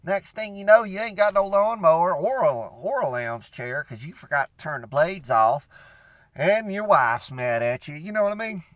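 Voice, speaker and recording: Guy doing a folksy redneck rambling on, drawly and bouncy, voice sits kinda high, real dry close sound. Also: animated, moderate pace, fairly bright tone, no room sound. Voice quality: drawling, rambling talk full of "you know". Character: rambling beer-drinking redneck man, folksy and opinionated. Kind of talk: comedic character monologue.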